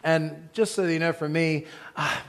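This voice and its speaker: A male pastor delivers a sermon in a church sanctuary, speaking in a slightly high voice. He talks earnestly and conversationally, tossing casual asides to the congregation. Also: steady tone, unhurried, long reverb tail.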